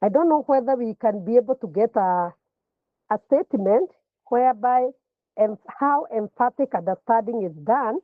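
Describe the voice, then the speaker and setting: A woman lecturer teaches a counselling class in a fairly high, expressive voice at a moderate pace, with no echo but a tinny, phone-like sound. She explains at length, often repeating words and restarting phrases.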